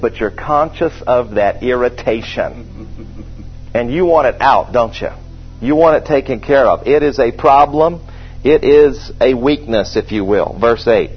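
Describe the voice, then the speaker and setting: Husky-voiced preacher giving a sermon. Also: male voice, medium pitch. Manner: conversational, asks the congregation questions, slows and stresses scripture. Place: church service with a congregation. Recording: dull lo-fi sermon recording.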